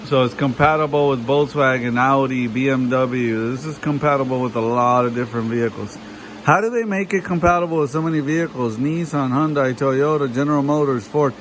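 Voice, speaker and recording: A man's voice: medium pitch, a little fast, slight background noise, rough recording. A man explaining a car job in a rambling, chatty way, talking straight to his viewers. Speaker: mechanic vlogger. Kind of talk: casual how-to narration.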